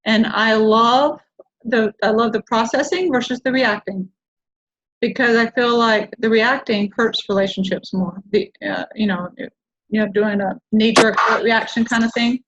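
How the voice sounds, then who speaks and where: A woman's voice: on the high side, fairly even intonation, unhurried, fairly bright tone, lo-fi sound. A woman hosting a casual talk show, chatting in an encouraging way and laughing easily. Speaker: host.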